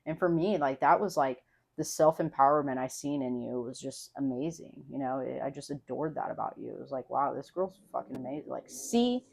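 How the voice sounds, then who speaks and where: Young woman, low voice, frank and rambling, lots of filler words, swears casually, podcast guest chat. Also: a little fast, gravelly, hardly any pauses. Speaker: podcast guest, host's wife. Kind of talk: casual heartfelt conversation.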